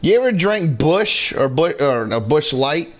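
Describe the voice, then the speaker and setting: A man talks through his game in an easy, rambling way, cursing freely as he goes. He's several beers deep, and his voice sits a little higher than most men's. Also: animated, a little slow, a little hiss or hum. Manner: rambling, profane, laid-back. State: drinking beer, several drinks in. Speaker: gamer streaming his play. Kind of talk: casual gameplay commentary.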